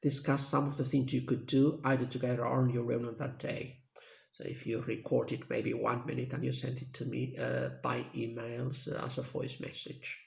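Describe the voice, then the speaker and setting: Man, English teacher, gravelly voice, echoey room, patient lesson recap. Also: medium pitch, little pitch movement, normal speed. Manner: plain, patient classroom explaining.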